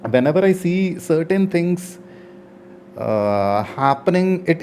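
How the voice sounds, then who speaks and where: A man in his forties, a gaming streamer, talking earnestly and reflectively to his viewers, often pausing with hesitations. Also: fairly high pitch, a little mellow, a little hiss or hum. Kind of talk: casual talk to viewers.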